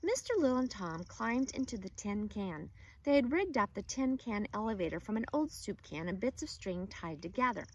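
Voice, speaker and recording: A woman teacher reading a children's chapter book aloud, expressive and engaging. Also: mid-range voice, moderate pace. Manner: expressive storyteller.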